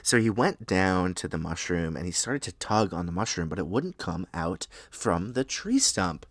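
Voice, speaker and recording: A man casually improvising a silly story, rambling with many pauses and restarts. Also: deep voice, no room sound. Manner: rambling, halting, full of fillers and restarts.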